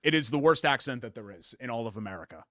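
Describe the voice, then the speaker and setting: A man co-hosting a casual sports talk show, a chatty storyteller given to quick asides. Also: medium pitch, lively intonation, fairly bright tone, no echo, studio quality. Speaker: co-host.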